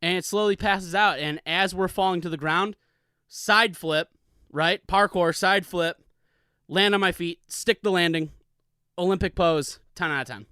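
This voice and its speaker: A man's voice: high voice, unhurried, pushed and bright, clean tone, no echo. A man hosting a solo comedy podcast, telling a rambling, profane, hyped-up story into a studio mic. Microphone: studio mic with pop filter.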